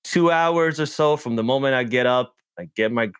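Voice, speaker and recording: A man's voice: medium pitch, moderate pace, a bit bright, clear, resonant tone, no echo, clean studio sound. A man with a New York accent hosting a podcast interview, chatty and rambling with lots of fillers. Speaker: podcast host.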